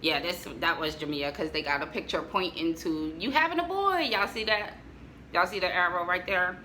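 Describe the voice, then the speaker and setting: A woman's voice: on the low side, lively intonation, moderate pace, bright, forceful tone, slight background noise, rough recording. A middle-aged American woman chatting casually to viewers as she shows family photos, joking and laughing as she goes. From United States. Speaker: vlogger showing family photos.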